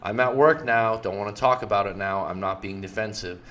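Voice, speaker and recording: An annoyed girlfriend who gives short, clipped answers, read by a man. The voice stays low and everyday. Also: a little fast, a bit bright, natural voice. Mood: curt.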